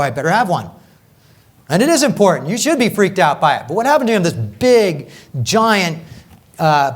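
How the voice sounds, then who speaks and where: Energetic male coach, higher voice. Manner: energetic, conversational, keeps asking "right?"; repeats and restarts phrases for emphasis. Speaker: executive coach leading a workshop. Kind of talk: live workshop presentation.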